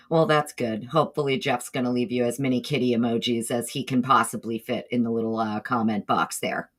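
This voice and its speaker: A woman with a Southern drawl hosts a relaxed livestream chat. She talks loosely, wandering between her thoughts and greeting members of the chat by name as they arrive. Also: a bass voice, a little fast, few pauses. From northeastern United States. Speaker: livestream host.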